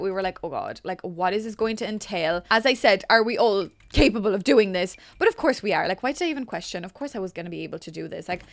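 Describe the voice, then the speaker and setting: A woman's voice: mid-range voice, a bit bright. A young woman chatting casually while building in a game, bubbly and gushing, with lots of filler words. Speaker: game building content creator. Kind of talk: casual gameplay commentary.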